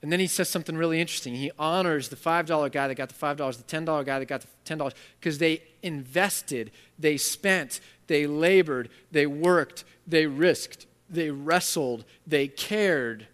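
A man preaches a sermon in a high voice, animated and emphatic. He tells stories casually and leans hard on key words. His voice carries a long reverb in a hall. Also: normal speed, hardly any pauses. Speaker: pastor.

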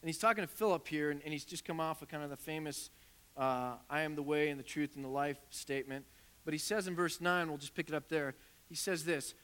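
A male pastor delivers a conversational sermon, retelling a conversation with lively back-and-forth. His voice sits a little high and sounds bright and forward. A long reverb trails behind him, as in a church sanctuary. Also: fairly quick, clear, resonant tone. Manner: conversational storytelling preacher, animated retelling of dialogue. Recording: reverberant hall.

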